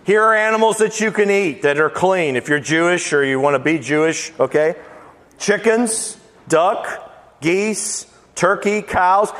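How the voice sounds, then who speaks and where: Folksy joking pastor in a reverberant church. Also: male voice, sits high, expressive, measured pace, fairly bright tone. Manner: folksy and joking, lists items with playful emphasis. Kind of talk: casual, humorous sermon. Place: church sanctuary. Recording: long church-hall reverb.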